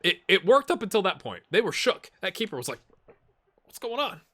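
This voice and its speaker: A man hosting a gaming channel, casually commenting while he plays, chatty and rambling, with laughs and sudden excited outbursts. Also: high-pitched, fast talker, no room sound. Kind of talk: casual commentary while playing a football management game.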